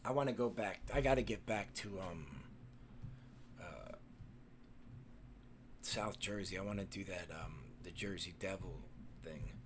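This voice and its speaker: A man's voice: low-pitched, a little slow, long pauses, slight background noise. A man, hosting a casual live stream and chatting with viewers in a rambling, profane way, full of fillers and restarts.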